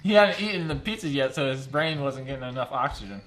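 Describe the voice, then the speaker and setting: A man's voice: mid-range voice, lively intonation, fast, fairly bright tone. A young man chatting casually on a live stream at his computer, rambling and often laughing.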